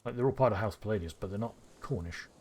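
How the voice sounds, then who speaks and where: Husky-voiced man streaming a strategy game. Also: on the low side, fast. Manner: thinks aloud, excitable bursts. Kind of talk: live game commentary.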